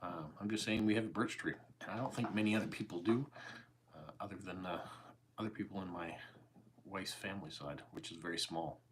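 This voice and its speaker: A man in his forties with a Canadian accent, chatting calmly and easily with viewers during a live stream. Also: low voice, slight background noise. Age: 40s. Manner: calm, easygoing, unhurried. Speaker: YouTube host. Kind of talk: casual livestream chat answering viewer comments.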